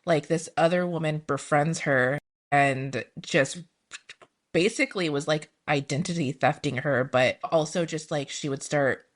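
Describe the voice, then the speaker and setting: A woman hosts a podcast in a relaxed, chatty way. Her voice sits a little low for a woman. She talks warmly and loosely with her guest. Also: a little slow. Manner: chatty, reacts with gasps and laughs. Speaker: podcast host. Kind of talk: casual interview chat.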